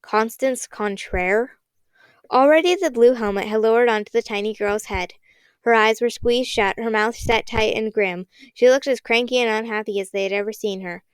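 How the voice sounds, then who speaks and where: A woman narrating a children's audiobook in an expressive, dramatic reading. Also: a little high, moderate pace, clean tone, no echo.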